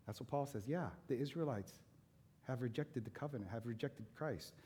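A man's voice: mid-range voice, animated, fairly quick, mellow. A man preaching a sermon to a congregation, emphatic, rising and falling as he quotes scripture. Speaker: pastor.

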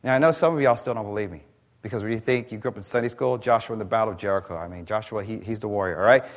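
A man preaching a sermon. He reads scripture slowly and then explains it in plain, conversational asides. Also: on the low side.

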